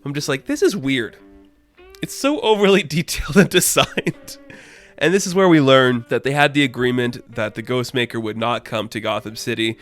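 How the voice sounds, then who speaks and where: A man casually recapping a comic book issue, chatty, laughing often and acting out characters in quick asides. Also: medium pitch, a bit bright, soft background music.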